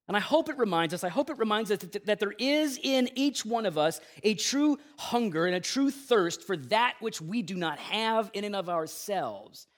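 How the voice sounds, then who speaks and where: A man preaching a Good Friday sermon with intense, swinging delivery, casual asides and slang between loud emphatic lines and hushed low ones. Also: animated, normal speed, few pauses. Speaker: pastor.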